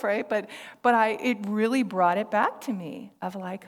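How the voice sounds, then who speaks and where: A woman's voice: mid-range voice, moderate pace. A woman minister giving a sermon in a conversational, storytelling way, quoting others as she tells her story. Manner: conversational, warm storytelling with laughter and quoted dialogue. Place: church service hall. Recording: long reverb of a large hall.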